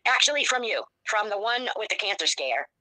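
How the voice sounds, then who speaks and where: Blunt, fast-talking woman in her sixties. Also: medium pitch, no room sound, low-quality recording. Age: 60s. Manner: blunt, profane, animated storytelling. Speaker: interview guest. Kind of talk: candid interview.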